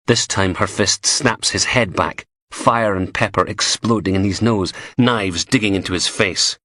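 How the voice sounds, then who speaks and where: Low, husky male crime narrator. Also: moderate pace, fairly bright tone, dry recording, studio quality. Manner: gritty, sardonic. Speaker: audiobook narrator. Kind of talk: crime thriller audiobook narration.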